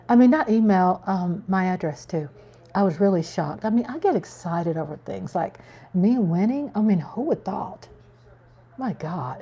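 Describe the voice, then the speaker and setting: A woman hosting a live stream, chatting casually to her viewers in an excitable, rambling way with many restarts. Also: medium pitch, husky.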